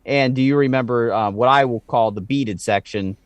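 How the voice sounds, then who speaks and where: A man's voice: mid-range voice, moderate pace, dry recording, dull audio. A man co-hosting a podcast in casual chat, rambling and full of "like" fillers. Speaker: podcast co-host.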